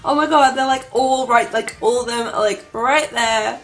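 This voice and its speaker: A young woman telling an excited vlog story, gushing and breathless, full of "like" and "oh my god". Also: on the high side, moderate pace, soft background music. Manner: gushing, breathless, heavy use of "like". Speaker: vlogger.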